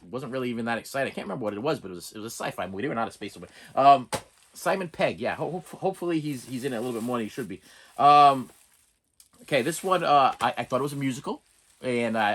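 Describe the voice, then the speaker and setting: A man's voice: mid-range voice, a bit bright. A middle-aged man reviewing cheap movie discs in a casual, rambling way, stammering and restarting often and cracking jokes. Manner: jokey, breaks into off-key singing and impressions.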